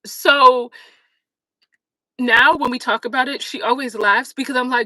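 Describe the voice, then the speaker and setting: Bright, chatty woman telling a story. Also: a little high, a little slow, dry recording, poor audio. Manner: chatty, animated, many fillers. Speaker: livestream host. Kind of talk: casual storytelling chat.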